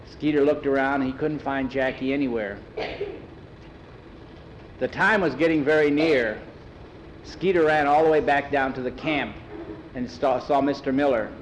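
A man's voice: medium pitch, normal speed, long pauses, low-quality recording. A man telling a story aloud, plain and folksy, with an ordinary mid-range voice. A faint hum sits in the background.

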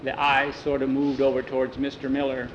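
A man's voice: mid-range voice, completely flat delivery, fairly quick, dull audio, a little hiss or hum. A man telling a folksy western story aloud, filling it with "he says" and "he said".

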